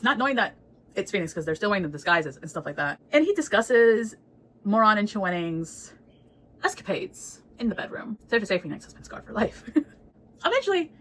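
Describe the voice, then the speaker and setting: Woman book vlogger, relaxed, talkative, laughs a lot, mid-range voice, casual swearing. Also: medium pitch, rough recording. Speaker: book reviewer.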